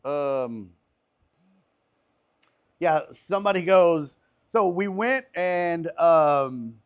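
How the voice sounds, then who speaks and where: A man's voice: fairly high pitch, lively intonation, drawn-out words, clear, resonant tone. Foul-mouthed man telling rambling stories. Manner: profane, rambling storyteller. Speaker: podcast host and stand-up comedian. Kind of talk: casual chat. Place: outdoor patio.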